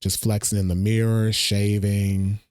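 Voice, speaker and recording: A man's voice: fairly low pitch, little pitch movement, measured pace, a little mellow, no room sound, studio quality. A man casually reacting to a movie trailer, thinking aloud and talking to his viewers. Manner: chatty, thinks aloud, addresses viewers as y'all.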